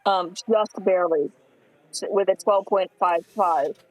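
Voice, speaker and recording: High-voiced man giving informative commentary. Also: a little slow, no echo, poor audio. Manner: informative, steady, with fillers. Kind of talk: casual live-stream commentary.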